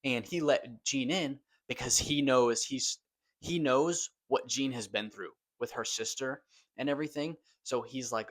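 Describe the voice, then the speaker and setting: A man's voice: mid-range voice, measured pace, a bit bright. A man giving a casual spoken film review, gushing and loose, swearing now and then for emphasis. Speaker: movie reviewer.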